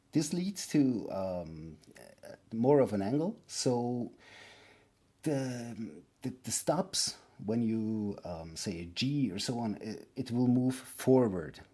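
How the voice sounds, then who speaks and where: A man with a Swiss German accent teaches pronunciation in a loose, unscripted way. His voice is husky and sits in a middle range. He stops often with fillers and restarts his sentences. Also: medium pitch, warm tone. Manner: hesitant, many fillers and restarts. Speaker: language teacher. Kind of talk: casual online lesson.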